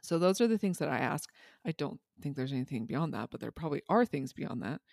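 A man's voice: a little high, very animated, brisk, gravelly, a little mellow, dry recording, studio quality. A man co-hosting a parenting podcast, talking things through reflectively with everyday examples. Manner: reflective, explains with examples and asides. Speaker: podcast co-host. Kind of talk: casual parenting podcast chat.

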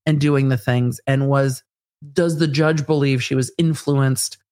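A woman's voice: extremely low pitch, fairly even intonation, mellow. Give me an analytical woman legal commentator. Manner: measured, analytical, thinks aloud with fillers. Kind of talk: guest interview, legal analysis.

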